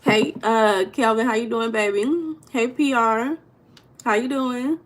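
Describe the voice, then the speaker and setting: A woman's voice: a little high, fairly even intonation, unhurried. Chatty woman livestreaming. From United States. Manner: chatty, greets chat viewers by name. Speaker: livestream host. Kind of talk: casual livestream chat.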